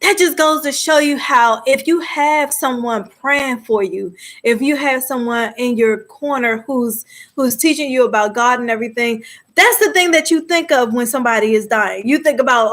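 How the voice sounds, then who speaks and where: A woman's voice: a little high, normal speed. Chatty woman hosting a live movie chat. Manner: chatty and animated, laughing often. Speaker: host of a live movie discussion show. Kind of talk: casual live chat reacting to viewers.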